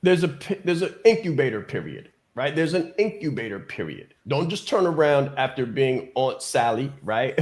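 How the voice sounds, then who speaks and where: A man's voice: medium pitch, big pitch swings, normal speed, darkish tone. A man giving an emphatic motivational business coaching talk on a call, repeating key phrases and often asking "right?".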